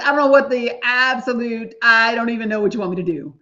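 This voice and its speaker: A woman's voice: fairly high pitch, fast, hardly any pauses, bright, forceful tone. A woman hosting a casual livestream, talking emphatically and directly to her viewers. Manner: emphatic, talks straight to viewers. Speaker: livestream host. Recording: dull lo-fi stream audio.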